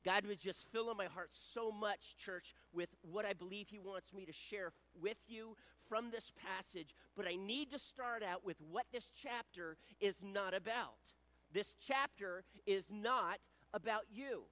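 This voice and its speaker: A pastor with a high voice preaches a sermon. He talks earnestly and exhorts the congregation, dropping low and soft when he prays and rising loud to stress a point. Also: a little slow. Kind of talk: sermon with scripture reading and prayer.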